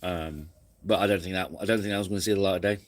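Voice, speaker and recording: A man's voice: sits low, steady tone, very fast. A man hosting a casual camping live stream, rambling and reflective, snacking between sentences.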